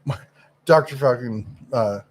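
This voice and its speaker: A middle-aged man co-hosting a live stream chats casually in a mid-range voice, a little slow. He rambles, often stopping to hunt for the right word, and uses lots of fillers.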